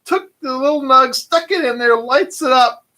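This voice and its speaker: High-voiced man telling a rambling story. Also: normal speed, low-quality recording. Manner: animated, rambling anecdote with frequent fillers. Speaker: channel host. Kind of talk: casual storytelling.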